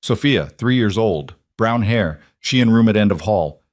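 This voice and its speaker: A man voicing a weary, frightened woman with an Eastern European accent who talks in flat, clipped, broken phrases. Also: fairly low pitch, normal speed, no room sound, studio quality, lightly acted. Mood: flat, desperate.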